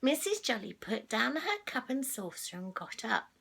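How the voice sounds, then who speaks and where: An older woman who reads a story aloud to children, with animated asides, gasps and whispered remarks to her listeners. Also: fairly high pitch, normal speed, vocal fry, husky. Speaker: storyteller grandmother.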